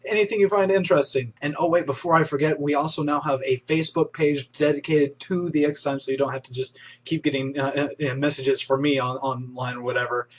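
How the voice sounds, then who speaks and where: A young man hosting a casual online news roundup, chatty and enthusiastic, with frequent restarts and fillers. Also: mid-range voice. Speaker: host of an online news show.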